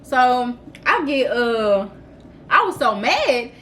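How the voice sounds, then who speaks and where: A woman's voice: on the high side, slow pace, a little hiss or hum. A woman in her twenties telling a storytime vlog story in a casual, laughing, dramatic way. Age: 20s. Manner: animated, laughing, self-described dramatic. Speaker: vlogger.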